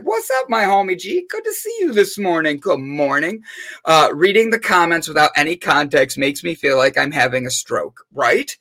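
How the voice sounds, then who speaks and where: Upbeat, bright-voiced male livestream host. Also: fairly high pitch, very animated, moderate pace. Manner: upbeat, playful, jokey with chat. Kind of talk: casual live-stream chat.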